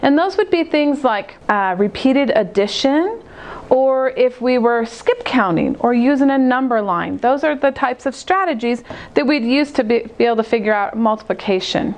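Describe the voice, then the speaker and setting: High-voiced teacher explaining to kids. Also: female voice, animated. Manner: slow, clear, step-by-step explaining. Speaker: second grade teacher. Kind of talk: recorded math lesson for kids.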